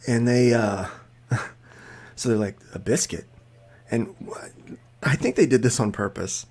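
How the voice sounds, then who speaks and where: A man's voice: medium pitch, takes it slowly, darkish tone. A man casually telling a funny story on a podcast, laughing as he goes. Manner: joking, laughs mid-story.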